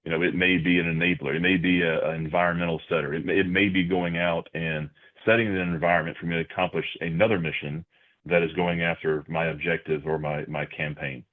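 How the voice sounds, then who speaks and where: A man with a very deep voice answers interview questions at a measured pace, often circling back with "you know" and repeated words. His voice comes through a thin, phone-like remote connection that strips away the fullness of the sound. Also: level tone. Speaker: podcast guest. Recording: tinny phone-like remote line.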